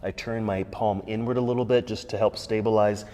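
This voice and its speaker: Low-voiced man guiding a yoga class. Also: moderate pace, few pauses. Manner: calm, encouraging step-by-step cues. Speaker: yoga instructor. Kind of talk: guided yoga class instruction. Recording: echoey room with faint background noise.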